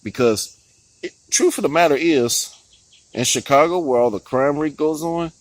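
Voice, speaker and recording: A man's voice: fairly high pitch, normal speed, no echo, low-quality recording. A man giving heated, profane political commentary on his vlog, often stopping to laugh and restarting his words.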